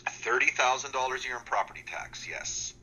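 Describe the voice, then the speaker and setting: A Canadian man calling in over the phone, speaking in a measured, matter-of-fact way. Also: medium pitch, animated, bright, forceful tone. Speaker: caller. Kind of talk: casual chat. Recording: tinny phone line.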